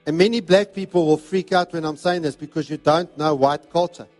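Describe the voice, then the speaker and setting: A high-voiced man delivers a sermon, hammering his points home with repeated phrases. Soft music plays faintly beneath his voice. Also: a little fast. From South Africa. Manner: emphatic, repetitive preaching cadence. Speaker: pastor.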